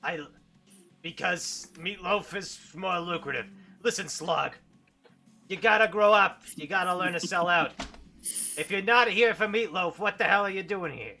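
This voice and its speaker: A man voicing a gruff, greedy male orc restaurant owner who talks bluntly and smugly in an improvised tabletop game. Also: high-pitched, moderate pace, pushed and bright, soft background music. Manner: smug, blunt, mercenary. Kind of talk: improvised tabletop role-play.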